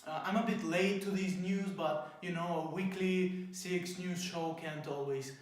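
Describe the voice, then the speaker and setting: A man's voice: sits high, steady tone, unhurried. A man hosting a parody news show, ranting in a rambling, profane way with many fillers. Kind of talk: mock news commentary. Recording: very echoey room.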